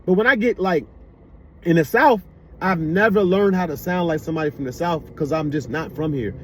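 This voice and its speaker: Here the DC-area speaker has a somewhat high voice at a moderate pace, with a bit of background noise. His casual commentary wanders, full of repeated fillers and asides asking whether you follow him, and a loud car goes past outside.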